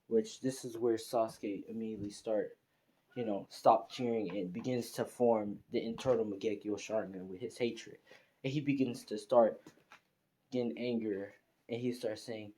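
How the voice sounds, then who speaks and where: A man's voice: lowish voice, fairly even intonation, moderate pace, dark tone. A man casually narrating an improvised fan story, rambling with heavy fillers and restarts.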